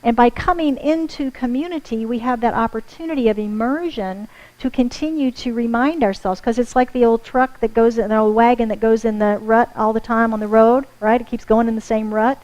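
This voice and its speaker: A woman minister with an American accent preaches to her congregation in the church sanctuary, warm and conversational, with asides to the audience. Her voice is a little high and steady in tone, she talks a little fast, and the recording sounds muffled.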